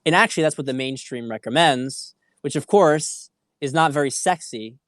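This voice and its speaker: A man's voice: on the high side, moderate pace, no echo, studio quality. A man hosting a dating livestream, speaking in an earnest, preachy way with frequent restarts. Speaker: dating coach. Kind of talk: livestream talk.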